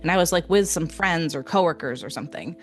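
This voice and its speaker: A young adult woman co-hosting a podcast, retelling a story in a casual, animated way with frequent laughs and fillers. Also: low voice, fast, faint music behind. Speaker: podcast co-host.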